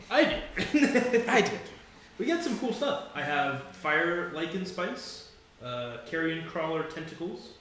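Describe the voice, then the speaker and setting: A man's voice: a little high, fairly bright tone. A man playing a tabletop game with friends, joking and laughing often. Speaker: player. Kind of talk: casual tabletop chat. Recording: very echoey room, faint noise.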